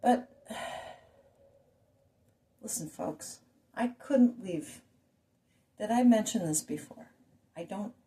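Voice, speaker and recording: A woman's voice: medium pitch, expressive, slow, pauses often, mellow. A woman ranting to her viewers in a rambling monologue full of rhetorical questions and asides. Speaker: vlogger.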